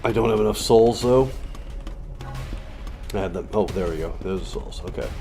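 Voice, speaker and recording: A man's voice: normal speed, gravelly, music in the background. Muttering man streaming a game. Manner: muttering, swearing, low-key. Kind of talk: casual gameplay commentary.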